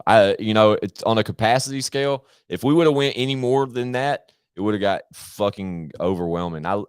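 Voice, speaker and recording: A man's voice: sits low, clean tone, dry recording, clean studio sound. A man chatting casually on his live stream, rambling, slangy and full of swearing.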